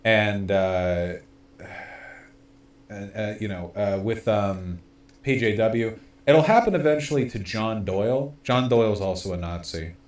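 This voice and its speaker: A man's voice: fairly low pitch, unhurried, roomy sound. A man streaming political commentary, rambling and sardonic, with many fillers and restarts.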